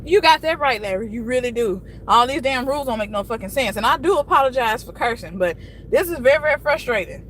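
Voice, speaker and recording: A frustrated woman in her thirties rants on a casual live stream, her voice pitched high as she vents and swears freely. A faint hiss of noise sits under her talk. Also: lively intonation, fast talker, a bit bright, poor audio. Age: 30s. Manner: frustrated, venting, frequent cursing.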